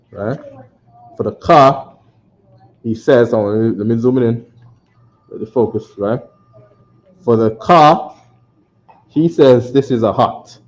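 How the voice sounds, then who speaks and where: A man's voice: mid-range voice, a little mellow. Man teaching a class in an echoey room. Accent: New York. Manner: repetitive, conversational, checks with "right?". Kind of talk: classroom lecture. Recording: echoey room, dull lo-fi sound.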